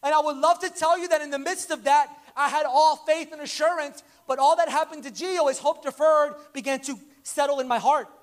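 Very high-voiced male preacher. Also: fairly quick, few pauses. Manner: animated, acts out dialogue in stories. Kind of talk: conversational sermon with storytelling.

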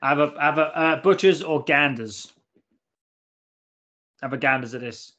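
A man's voice: fairly high pitch, measured pace, pushed and bright. A man in casual podcast banter, blunt and sweary, often repeating himself. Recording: slightly dull lo-fi audio.

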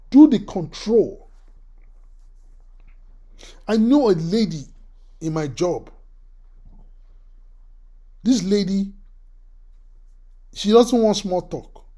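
A man preaching a sermon, telling a personal story in an animated way, often repeating his words. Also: high-pitched. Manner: animated, repeats words, acts out quoted voices.

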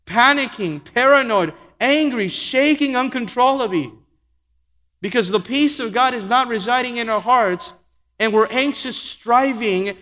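A man with a high voice delivers a sermon from a pulpit. He changes pace and volume for emphasis and hammers on repeated phrases, and his words ring out with long reverb through a large hall. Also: fairly bright tone. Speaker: pastor.

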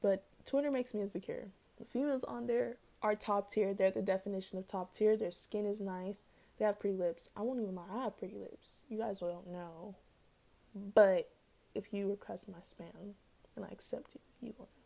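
A woman's voice: mid-range voice, steady tone, moderate pace, creaky, mellow. A young woman hosting her own podcast, chatting casually and rambling with lots of slang and "like". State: out of breath. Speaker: podcast host. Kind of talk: casual solo podcast chat.

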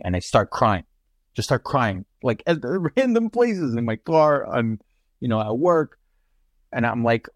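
A man's voice: mid-range voice, lively intonation, moderate pace, no echo, clean studio sound. A man with a New York accent, a podcast guest telling a heartfelt personal story in casual conversation, full of fillers and restarts. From Russia. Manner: earnest, emotional storytelling with many fillers.

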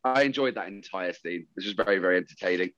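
A man's voice: low voice, fast, highs cut off, a crowd in the background. A man co-hosting a podcast, teasing the others and laughing often in casual chat. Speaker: podcast co-host.

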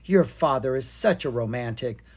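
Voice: mid-range voice, moderate pace, husky. A reader voicing a cheerful, proud mother dragon in a storybook. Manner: warm, excited and proud.

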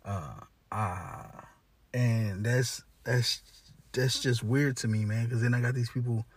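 A man's voice: mid-range voice, fairly even intonation, takes it slowly, husky, no echo. Blunt, profane man ranting. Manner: blunt, heavy cursing, slangy, many restarts. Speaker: monologue speaker. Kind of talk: profane casual rant.

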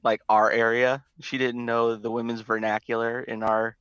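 A man's voice: mid-range voice, flat delivery, moderate pace, a bit bright, clear, resonant tone, no echo, dull audio. A man from California with a Californian accent, co-hosting a casual podcast with laid-back joking banter. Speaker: podcast co-host. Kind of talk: casual chat.

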